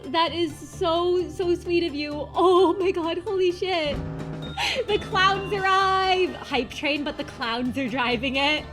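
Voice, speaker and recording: A woman VTuber streamer chatting casually on a live stream, gushing and excitedly thanking her chat. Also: extremely high pitch, slow, faint music behind.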